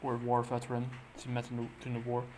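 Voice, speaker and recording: Man, flat delivery, halting comic recap with lots of "uh"s, faint background hiss. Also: medium pitch. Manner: halting, full of "uh" fillers and restarts. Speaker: comic book reviewer. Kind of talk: casual plot recap.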